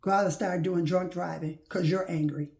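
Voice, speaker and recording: Woman, gravelly and mellow, informal faith preacher who hammers home rhetorical questions. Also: fairly low pitch, steady tone, moderate pace. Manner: exhorting, repeats rhetorical questions; folksy spoken phrasing. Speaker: faith-based motivational speaker.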